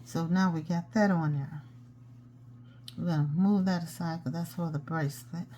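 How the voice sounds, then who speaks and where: A woman with a low, mellow voice walks through a craft project step by step in a relaxed, chatty way. She often talks to herself as she works, with a faint hum in the background. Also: normal speed. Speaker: jewelry-making tutorial host. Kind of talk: casual step-by-step craft tutorial.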